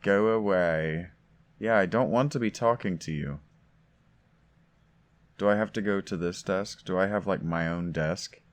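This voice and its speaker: A man's voice: deep voice, normal speed, pauses often. A man giving sarcastic, mocking commentary while playing a video game. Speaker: let's play commentator.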